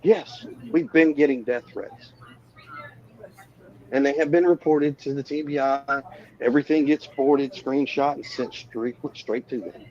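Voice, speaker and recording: A man, a parent of a missing child, answering interview questions in a measured, defensive way with emphatic yeses. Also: medium pitch, fairly even intonation, darkish tone, highs cut off.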